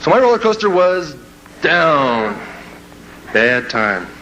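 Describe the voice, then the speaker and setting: A motivational speaker tells an audience a funny story from his own life, talking fast in a slightly high voice. He's animated, performs the voices of people he quotes, and laughs at his own tale. The recording has the highs cut off and a noisy background.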